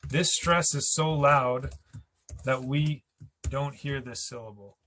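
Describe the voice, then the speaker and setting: Slow and fairly even in intonation, this male language teacher has a medium-pitched, sharp-toned voice. He works through grammar at the whiteboard, writing examples, thinking aloud mid-sentence and laughing easily in a patient, chatty way. There's slight background noise.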